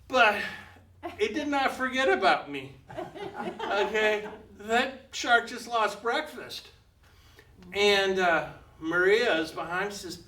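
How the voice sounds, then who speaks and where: A man's voice: high-pitched, lively intonation, slow pace, long pauses, sharp tone. An older man telling a personal adventure story to a live audience, chuckling often and acting out the voices of the people in it. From United States. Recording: roomy, slightly distant, faint background hum.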